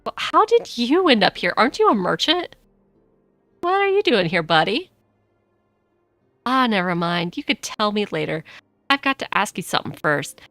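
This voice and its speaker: A woman voicing a gruff, folksy male merchant from a video game who calls people 'lass' and 'fella'. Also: a little high, sharp tone, dry recording, exaggerated voice. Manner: folksy rough speech, calls people lass and fella.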